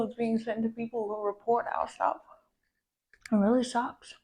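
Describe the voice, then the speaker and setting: A woman's voice: on the high side, flat delivery, normal speed, a little mellow. A woman content creator venting in a POV girlfriend role-play, swearing often and calling the listener babe. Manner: profane, ranting, calls the listener babe.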